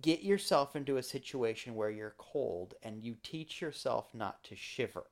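A man's voice: medium pitch, expressive, moderate pace. A man co-hosting a podcast, chatting casually and telling rambling, playful stories. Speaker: podcast co-host. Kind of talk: casual chat.

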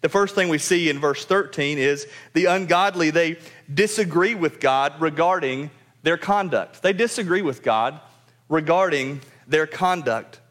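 A man's voice: fairly high pitch, a little slow, a bit bright. A man preaching a sermon as pastor. He speaks emphatically, repeats key phrases, and addresses his congregation directly.

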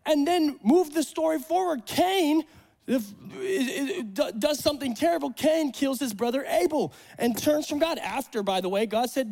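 Guy pastor w a really high voice, lively sermon, jokey, does the bible voices. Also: moderate pace, gravelly. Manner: animated, acts out Bible voices, jokes with congregation. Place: church service.

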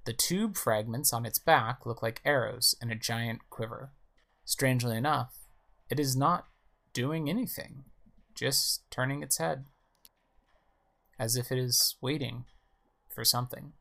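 A man's voice: medium pitch, a little slow, creaky, pauses often, bright, forceful tone. A man reading a story game's text aloud, with casual asides on the pictures. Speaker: game player narrating.

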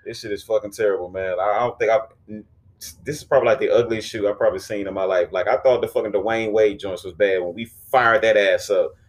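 A man co-hosting a casual sneaker podcast, loud and profane, breaking into shouted laughing bursts, with speech. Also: lowish voice, fairly even intonation, fairly quick. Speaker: podcast co-host. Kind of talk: casual chat.

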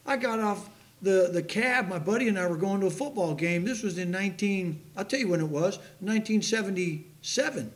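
A man's voice: high-pitched, animated, brisk. An older man preaching a sermon, impassioned and emphatic, stumbling over hard names as he reads scripture aloud. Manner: emphatic, impassioned, with sudden loud outbursts.

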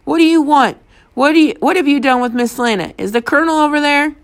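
A woman reading an audiobook, voicing a hot-tempered young girl who snaps and shouts defiantly. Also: fairly high pitch, animated, normal speed, pitched above the performer's own voice. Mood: defiant, shouting. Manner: loud, snapping and defiant.

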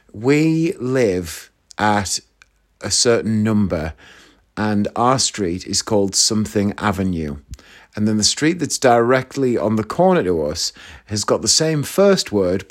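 Chatty man from northeast England telling stories. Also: on the low side. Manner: chatty, animated anecdote-telling with asides to listeners. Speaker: comedian. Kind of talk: casual storytelling.

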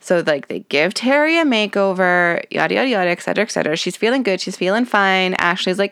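A young woman hosting a podcast, chatting casually and sarcastically with lots of "like" fillers, putting on higher voices for the characters she quotes. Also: lively intonation, fast, hardly any pauses, a bit bright, clear, resonant tone, no room sound, studio quality. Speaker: podcast host. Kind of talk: casual chat recapping a TV show.

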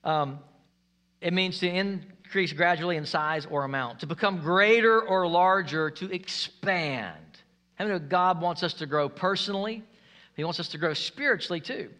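A man preaching a sermon as pastor, energetic and emphatic, telling stories from the pulpit. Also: high-pitched, normal speed. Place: church sanctuary.

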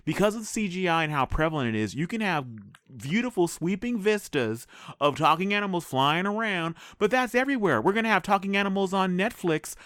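Lively man with a dry close sound. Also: high-pitched, no echo. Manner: animated, interrupts with quick asides. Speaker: podcast co-host. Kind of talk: casual movie trailer review chat.

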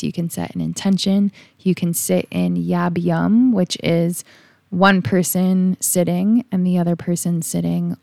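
Solo podcast host, female, lowish gravelly voice, earnest and candid delivery, dry close sound. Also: dark tone, dry recording. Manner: earnest, emotionally open storytelling with casual swearing.

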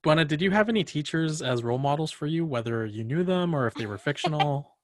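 A man's voice: a little high, animated, fast, no echo, clean studio sound. A young man hosting a casual podcast chat, telling rambling stories full of fillers and laughs. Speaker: podcast host.

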